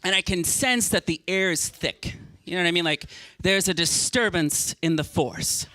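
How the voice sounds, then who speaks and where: A man performing a stand-up comedy set, telling stories in an animated way and often stammering and repeating words. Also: high-pitched, normal speed.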